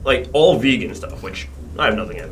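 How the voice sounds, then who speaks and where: A man in a band spins a story on a casual podcast, animated and laughing as he goes, with plenty of swearing. His voice sits at an ordinary middle pitch, and a faint hiss runs under it. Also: moderate pace. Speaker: band member guest.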